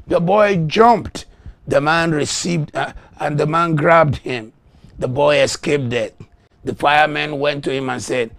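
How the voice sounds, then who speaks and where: A man preaching a sermon, slow and emphatic, rising to loud shouts when he acts out voices in a story. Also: a little high, vocal fry, no echo. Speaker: pastor.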